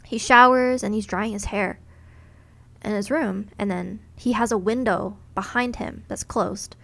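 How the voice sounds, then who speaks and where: A young woman tells a ghost story on a podcast, talking casually and loosely, with plenty of fillers. Her voice sits at an ordinary middle pitch. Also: steady tone, a little slow, gravelly, fairly bright tone. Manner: chatty retelling full of "like" and "you know". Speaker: podcast co-host.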